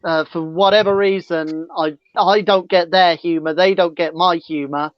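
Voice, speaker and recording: A man's voice: on the high side, fairly even intonation, moderate pace, clean tone, no echo. A man chatting as a guest entertainer on a podcast, chatty and self-deprecating about himself. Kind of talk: casual podcast chat. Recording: dull lo-fi sound.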